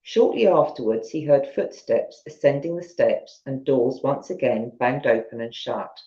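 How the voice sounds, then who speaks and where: A woman's voice: rumbling low, measured pace, warm tone. A woman with a Southern English accent, reading ghost stories aloud at home and chatting with her viewers between them. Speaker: storyteller on a live stream. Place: at home on a sofa. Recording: roomy, dull lo-fi stream audio.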